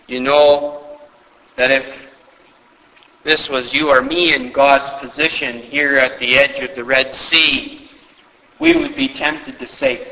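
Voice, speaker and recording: Slow, bright-voiced male preacher. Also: mid-range voice, animated. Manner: earnest, emphatic preaching with rhetorical questions. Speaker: pastor. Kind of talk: sermon. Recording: echoey hall with long reverb.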